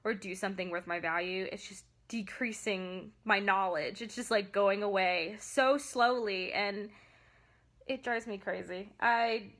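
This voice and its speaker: A woman's voice: mid-range voice, a little slow, fairly bright tone. A young woman venting in a vlog about her photography work, emphatic and upset, with many fillers and restarts. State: upset, near tears. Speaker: vlogger and photographer. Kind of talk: ranting vlog to camera.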